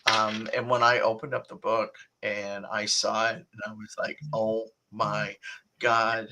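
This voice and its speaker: A woman being interviewed as an author, answering in a halting way with restarts and laughs as she talks. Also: rumbling low, little pitch movement, noisy background. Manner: halting, many restarts and fillers, laughs while talking. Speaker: author and guest.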